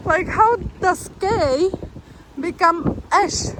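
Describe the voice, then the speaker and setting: An easygoing young hiker talks to a handheld camera in an unhurried, drawn-out way, tossing off dry, amused asides. Wind and passing traffic are clearly heard behind the voice. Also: high voice, sing-song. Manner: chatty, easygoing, wry. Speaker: long-distance hiker, vlogger. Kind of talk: casual vlog talk while walking. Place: outdoors by a road in a town, windy. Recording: wind and traffic noise outdoors. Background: wind and passing vehicles.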